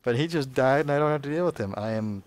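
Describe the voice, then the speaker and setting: A man's voice: mid-range voice, lively intonation, fast talker, dry recording. A man giving casual, sarcastic, rambling commentary while playing a video game. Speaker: let's play host.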